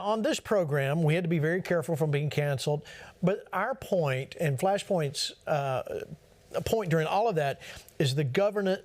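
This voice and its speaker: A male talk show host who speaks emphatically and varies his pace for effect. His voice sits slightly high.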